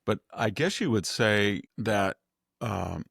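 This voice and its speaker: Podcast commentator, male, very low gravelly voice, rambling delivery, dry close sound. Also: lively intonation, takes it slowly, fairly bright tone, dry recording. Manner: rambling, with frequent restarts and quoted asides. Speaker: guest commentator.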